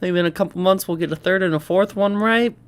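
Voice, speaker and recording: Fast and clear, with a resonant tone that sits high, a young man hosts a reaction commentary. He chats casually with his viewers, animated and exclamatory, joking along with sarcastic asides.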